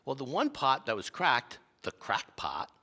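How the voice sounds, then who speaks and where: A male pastor preaching with lively, self-deprecating stories. His bright voice swings up and down in pitch. Long reverb fills the church sanctuary. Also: unhurried, husky. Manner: animated, self-deprecating storyteller. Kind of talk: sermon with personal storytelling.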